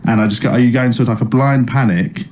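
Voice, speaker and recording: Speaking fast with a steady tone, a male comedian in his thirties has a medium-pitched, slightly mellow voice. He's being interviewed and chats casually, spinning anecdotes loaded with fillers and false starts.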